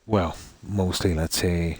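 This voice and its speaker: A man's voice: low voice, steady tone, slow, darkish tone, husky, no echo. A man from Ireland with an Irish Midlands accent, chatting casually with viewers while he plays, rambling with many fillers. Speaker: streamer.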